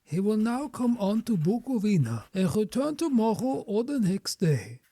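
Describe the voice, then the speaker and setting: A man playing a nervous, husky local coachman. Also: sits high, big pitch swings, moderate pace, warm tone, no room sound, heavily acted. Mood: uneasy. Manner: hesitant, evasive. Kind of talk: audio drama acting.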